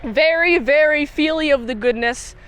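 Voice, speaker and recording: A woman recapping a movie in a casual chat, animated and playfully mocking, bursting into squealing impressions. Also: high voice, moderate pace. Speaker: movie reviewer.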